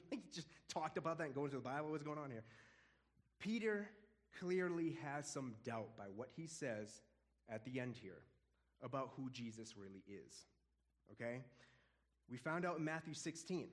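A man teaching a casual Bible study in an animated, conversational way, often chuckling. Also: medium pitch, normal speed.

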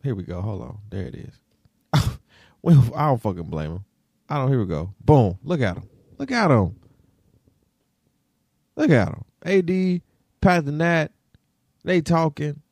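A young man co-hosting a casual basketball talk show, animated and profane, swinging between loud outbursts and mutters. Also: medium pitch, measured pace, creaky, long pauses, no room sound. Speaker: podcast co-host.

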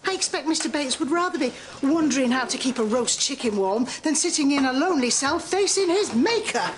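An actress playing a stern middle-aged household cook in a period drama, speaking in a tart, scolding way. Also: female voice, high voice, expressive, a little fast, a little hiss or hum. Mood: reproachful.

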